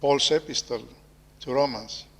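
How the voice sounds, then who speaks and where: A man's voice: mid-range voice, slightly rough. A man with a Greek accent hosting an interview, speaking hesitantly with frequent fillers. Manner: slow, hesitant, many fillers. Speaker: interview host, professor. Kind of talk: conversational interview. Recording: long reverb of a hall.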